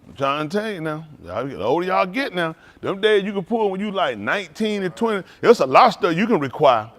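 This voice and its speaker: A male pastor giving a playful sermon to his congregation, laughing and joking and then turning low and earnest. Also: sing-song, fairly quick. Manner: drops to a low, quiet earnest tone for counsel.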